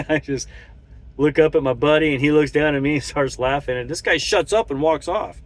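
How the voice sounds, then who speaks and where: A man's voice: a little high, moderate pace. A man who drives a truck talks casually from his cab, rambling with many restarts and chuckles. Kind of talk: casual monologue while driving.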